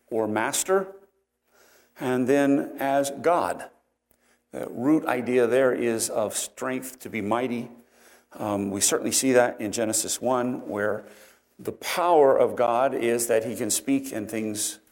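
A man's voice: medium pitch, takes it slowly, a little mellow. Earnest man preaching a sermon. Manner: earnest, explanatory, frequent fillers. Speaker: pastor.

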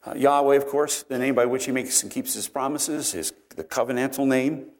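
A man preaching a sermon, explaining scripture in an earnest, measured way with frequent "uh" and "um" fillers. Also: mid-range voice. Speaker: pastor.

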